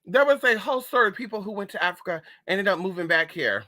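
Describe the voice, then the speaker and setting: Man, sassy livestream host, lively pitch, very bright tone. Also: fast talker. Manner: sassy, animated, calls viewers honey and girl. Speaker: livestream host reading chat. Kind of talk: casual chat.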